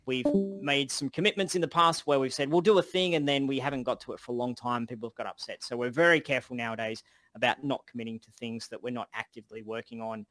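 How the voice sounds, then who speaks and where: A man's voice: medium pitch, fairly even intonation, fast, sharp tone, dry recording. Chatty Australian man co-hosting. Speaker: co-host. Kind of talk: casual livestream Q&A.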